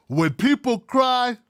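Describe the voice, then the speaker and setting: A man hosting his own commentary show, talking bluntly with wry asides in a casual, animated way. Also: very high-pitched, vocal fry, no echo, clean studio sound. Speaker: political commentary host.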